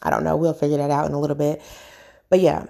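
A woman's voice: deep voice, monotone, very fast, creaky, warm tone. A stay-at-home mom hosting her own casual podcast, talking into her phone in a chatty, rambling, enthusiastic way, a little nervous. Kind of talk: casual solo podcast talk.

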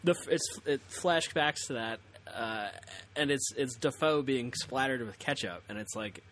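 Bright-voiced young man, easygoing co-host. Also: mid-range voice, a little slow, slight background noise. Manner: easygoing, agreeable, laughs while recounting. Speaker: podcast co-host. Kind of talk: casual chat.

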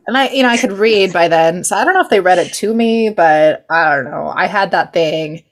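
A woman's voice: on the low side, a little fast, few pauses. A young woman from California hosting a podcast, chatting casually and giggling through a rambling story. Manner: chatty and giggly, lots of fillers and asides. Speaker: podcast host. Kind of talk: casual chat.

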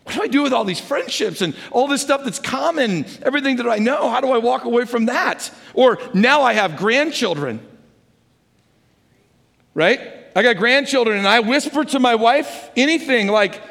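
A middle-aged man preaching a sermon as a pastor, earnest and exhorting, swinging between loud urging and hushed intensity. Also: extremely high pitch, lively intonation, normal speed, creaky. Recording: long hall reverb.

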